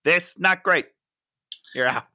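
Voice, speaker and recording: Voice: mid-range voice, slow, sharp tone. A podcast co-host in casual movie review chat, making sarcastic, exasperated jabs.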